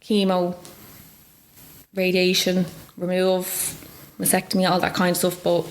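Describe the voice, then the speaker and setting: A woman's voice: lowish voice, completely flat delivery, measured pace, a little hiss or hum. A woman in her thirties with a Dublin Irish accent, telling her story in a chatty interview, full of "like" and quoted dialogue. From Ireland. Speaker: guest.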